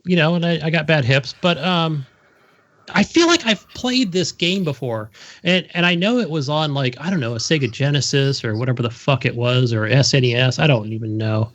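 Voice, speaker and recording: An older man with a fairly high voice co-hosts a gaming podcast. He chats loosely and rambles, poking fun at himself. His sound comes through a dull, lo-fi mic. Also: moderate pace, a bit bright. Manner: loose, rambling, self-deprecating chatter. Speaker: podcast co-host. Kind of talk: casual chat.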